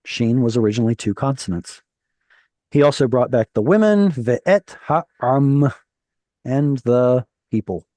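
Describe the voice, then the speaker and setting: Male Hebrew tutor on a video call, patient explainer, mellow tone, dry sound. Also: mid-range voice, expressive, a little slow, no echo. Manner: patient, explanatory, corrects pronunciation gently. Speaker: Hebrew teacher. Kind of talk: live online Hebrew reading class.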